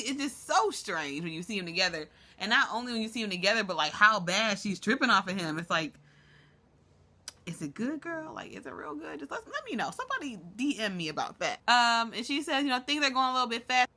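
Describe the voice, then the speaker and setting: A woman with a bright, forceful voice, sitting slightly low in pitch for her sex, rattles through a reality show recap. Her delivery is sassy and sarcastic, with sudden leaps up in pitch for her punchlines. She keeps it casual, like she is talking to a friend. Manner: sassy, sarcastic, rapid asides with big pitch jumps. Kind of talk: casual commentary vlog.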